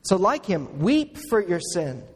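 Slow, high-voiced preaching man in a reverberant hall. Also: big pitch swings, husky. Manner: slow, earnest preaching with emphatic rises. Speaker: pastor. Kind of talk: sermon.

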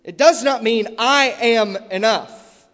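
Male preacher, high voice, slow deliberate delivery, emphatic sermon, long echoing hall reverb. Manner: emphatic, repetitive, building to loud stressed peaks.

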